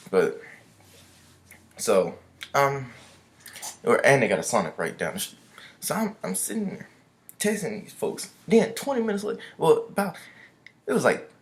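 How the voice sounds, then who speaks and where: A young man vlogging a casual storytime rant, loose and chatty, full of "I was like" and slang. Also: medium pitch.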